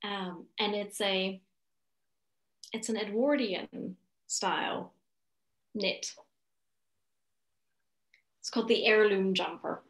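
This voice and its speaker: A woman's voice: medium pitch, fairly even intonation, takes it slowly, pauses often. A woman whose first language is German, a guest chatting on a video call about her knitting, giggly and correcting herself as she goes. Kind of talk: casual video chat. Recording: roomy echo.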